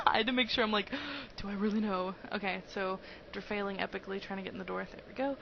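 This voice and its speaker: A woman's voice: medium pitch, quick pace, vocal fry. A giggly, hyper young woman talks through her video game run in loose, rambling commentary. The recording is dull and lo-fi, with a faint hiss underneath. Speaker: let's play host. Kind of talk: casual gameplay commentary.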